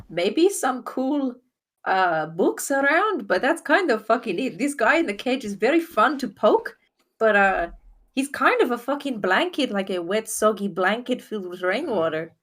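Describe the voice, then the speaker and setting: A brash woman at a tabletop game session, speaking a little higher than most and laughing through her lines. She talks loosely and bluntly in character. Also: big pitch swings, unhurried, a bit bright. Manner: brash, swearing, laughing a lot. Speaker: player. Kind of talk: tabletop role-play, casual.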